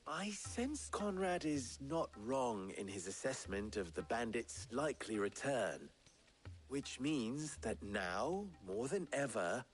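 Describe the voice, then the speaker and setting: An actor playing a commanding, wry middle-aged rebel leader, speaking in a measured, formal way in a video game. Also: male voice, medium pitch, breathy edge, exaggerated voice.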